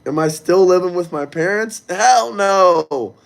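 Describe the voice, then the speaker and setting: On a casual livestream, a high-pitched man speaks crudely and loosely to the people in his chat, reading their comments aloud. He sounds creaky and talks a little slowly.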